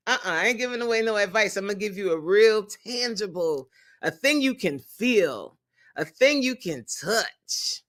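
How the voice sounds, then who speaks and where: A fitness coach hosting a casual livestream, animated and openly emotional, laughing often and greeting viewers in the chat by name. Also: medium pitch, moderate pace.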